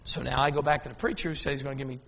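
A man preaching a storytelling sermon, animated, calling out to the congregation for an amen and telling them to watch. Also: mid-range voice, racing, creaky, very noisy. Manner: animated, asks the crowd "Amen?", often says "now watch". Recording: long hall reverb.

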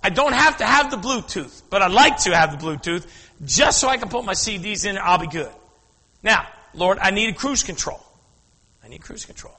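A man preaching a storytelling sermon, animated, calling out to the congregation for an amen and telling them to watch. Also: high voice, normal speed, breathy edge. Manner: animated, asks the crowd "Amen?", often says "now watch". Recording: long hall reverb.

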